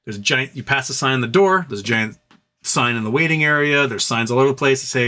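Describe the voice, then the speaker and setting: A man's voice: mid-range voice, fast talker, bright, forceful tone. Brief: foul-mouthed male host spinning long, rambling anecdotes off the cuff. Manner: rambling, profane, repeats phrases for effect. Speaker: live show host. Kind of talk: casual storytelling.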